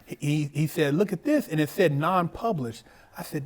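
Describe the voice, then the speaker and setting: A man with a high voice talks as a guest in a casual conversation. His stories are animated and full of swearing. He jumps into other people's lines as he tells them. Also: a little fast. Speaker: podcast guest.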